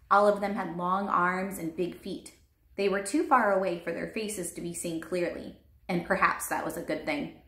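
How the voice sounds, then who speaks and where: A woman teacher reading a chapter book aloud in a calm, measured storytelling voice. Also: medium pitch. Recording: roomy echo.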